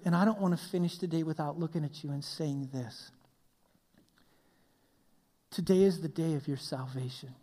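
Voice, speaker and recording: A man preaching a sermon as a pastor. He tells stories with animation and swings between loud passages and hushed ones. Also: a little high, moderate pace, long pauses. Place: church hall. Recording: long hall reverb.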